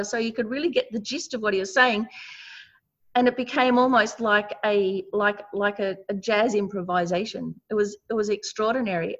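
A woman's voice: mid-range voice, a bit bright. Give me a Buddhist teacher, a woman, speaking in a mid-range voice through a somewhat dull online call line. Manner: earnest, personal storytelling with frequent restarts. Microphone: video call.

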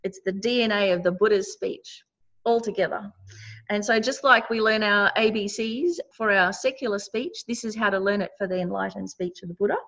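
A woman's voice: medium pitch, fairly even intonation, normal speed, a bit bright. Give me a Buddhist teacher, a woman, speaking in a mid-range voice through a somewhat dull online call line. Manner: earnest, personal storytelling with frequent restarts. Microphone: video call.

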